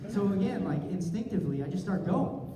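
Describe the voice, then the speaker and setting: A man telling a comic story at a convention panel, animated and self-mocking, acting out his own inner thoughts. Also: high-pitched, a little fast. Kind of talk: comic storytelling to a live audience. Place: large convention hall. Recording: roomy hall from far off, crowd noise. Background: audience laughter and murmur.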